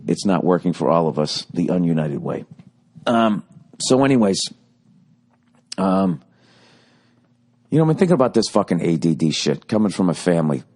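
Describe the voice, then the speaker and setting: A man hosting a solo podcast, rambling through a profane, comic monologue that swings from loud outbursts to low muttering. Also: breathy edge. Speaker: podcast host.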